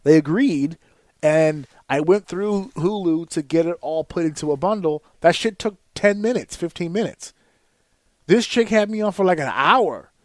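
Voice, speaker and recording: A man's voice: fairly high pitch, expressive, moderate pace, dry recording. A man in his thirties hosting a podcast, telling a profane, exasperated story in a casual rant. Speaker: podcast host. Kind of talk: casual ranting monologue.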